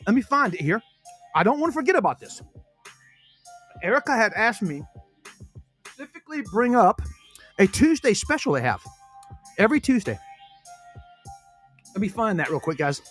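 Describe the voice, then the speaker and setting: Chatty high-voiced man plugging sponsors. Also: big pitch swings, moderate pace, pauses often, a bit bright, soft background music. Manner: chatty, folksy, self-correcting salesman patter; talks while chewing food. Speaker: podcast host reading sponsor spots. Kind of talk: casual sponsor talk on a podcast.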